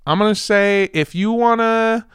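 A man co-hosting a casual podcast, reading sponsor shout-outs in a jokey, rambling way and laughing often. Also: high voice, measured pace, clear, resonant tone, dry recording, studio quality. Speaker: podcast co-host.

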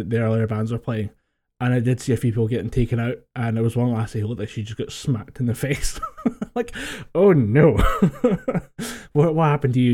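A man's voice: mid-range voice, dark tone. Scottish guy on a podcast call, keeps laughing, swears a lot, regular middle voice. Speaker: podcast co-host. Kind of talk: casual chat. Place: home, recorded over a voice call.

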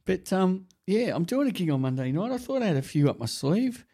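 A man's voice: high voice, very animated, a little fast, dark tone, husky. Rambling man, casual chat. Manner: rambling, swearing, laughing storyteller.

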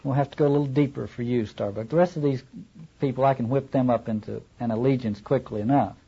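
A man's voice: medium pitch, fast, creaky, warm tone, husky, lo-fi sound. A man voicing an obsessed, commanding old sea captain who declaims in archaic speech.

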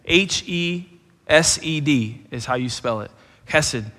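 A pastor giving an earnest, animated sermon, often repeating words as he goes. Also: fairly high pitch, a little slow. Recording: long hall reverb.

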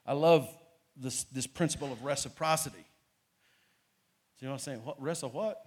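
A man's voice: medium pitch, a little fast, husky. A man, preaching a sermon as pastor and leading his congregation in reading aloud, swelling to emphatic peaks.

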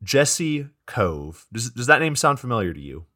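A man's voice: medium pitch, sing-song, moderate pace, sharp tone. A man co-hosting a podcast, recapping a movie plot in casual banter, amused and incredulous. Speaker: podcast co-host.

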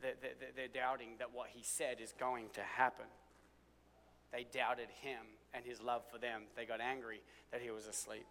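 A man preaching a sermon, swinging from loud, emphatic lines to hushed, low ones. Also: little pitch movement, normal speed. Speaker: pastor. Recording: long hall reverb.

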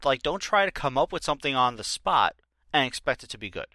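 A man with a mid-pitched, bright, edgy voice trades casual banter on a podcast. He is blunt and opinionated and laughs easily. The sound is dry and close to the mic. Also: big pitch swings, fast, no echo. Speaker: podcast co-host. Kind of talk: casual chat.

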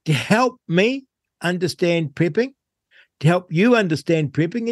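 Chatty New Zealand radio host. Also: male voice, on the high side, no room sound, studio quality. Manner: chatty, lively questioning. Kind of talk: talk radio interview.

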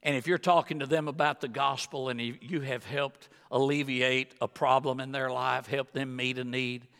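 A man preaching a sermon as guest pastor, emphatic and rising into high excited bursts, on a wireless body mic in a church. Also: moderate pace, creaky, long reverb tail. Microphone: wireless body mic with battery pack.

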